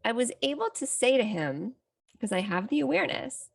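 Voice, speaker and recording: A woman's voice: fairly high pitch, very animated, normal speed, vocal fry, breathy edge. A middle-aged woman, a psychotherapist hosting a self-help podcast, telling a personal story in a candid, reflective way. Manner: candid, reflective, talks through a story with restarts.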